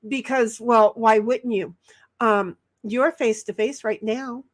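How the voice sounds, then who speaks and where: Casual livestream host, female, fairly high voice, rambling chatty delivery reading viewer comments. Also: steady tone, unhurried. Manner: rambling, reads chat messages aloud, frequent restarts. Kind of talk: casual chat.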